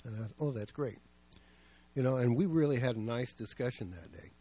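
A man's voice: mid-range voice, brisk, warm tone. A male pastor preaching a sermon, telling stories in a plain, conversational way.

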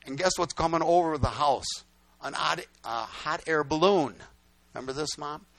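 Folksy older preacher telling stories, higher voice. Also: male voice, moderate pace, creaky, fairly bright tone, dry recording. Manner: folksy, repeats lines for emphasis, asks "guess what?". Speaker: pastor. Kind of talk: storytelling sermon.

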